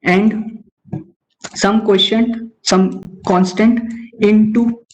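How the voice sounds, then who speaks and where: A young adult with a medium-pitched, steady, slightly mellow voice drags out words while teaching algorithms in an online webinar. They say "okay" constantly and stop mid-sentence to correct themself. The coding lecture comes through an online call mic, so the audio is dull and lo-fi.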